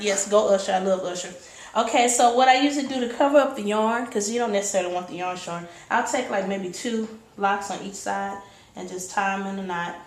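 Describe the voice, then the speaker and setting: A woman hairstylist hosting a casual hair tutorial, chatty and explaining step by step. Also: mid-range voice. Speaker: hairstylist, host. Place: hair salon indoors. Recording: roomy room echo.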